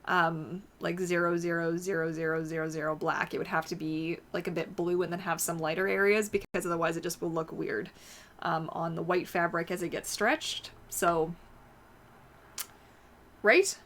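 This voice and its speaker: A woman's voice: fairly low pitch, little pitch movement, moderate pace, fairly bright tone, a little hiss or hum. A woman hosting a casual livestream, chatting and answering viewer comments as she reads them out. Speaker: livestream host.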